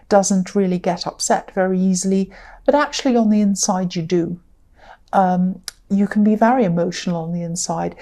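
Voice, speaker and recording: Woman, tarot reader, mid-pitched mellow voice, earnest and rambling, reassuring, lots of fillers. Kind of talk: tarot reading monologue.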